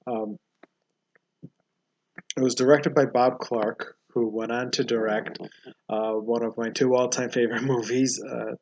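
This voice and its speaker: Gravelly-voiced man rambling about movies. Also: medium pitch, fairly even intonation, darkish tone, highs cut off, slight background noise. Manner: rambling, halting with many fillers and restarts; chuckles often while talking. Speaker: movie review host. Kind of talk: casual movie review.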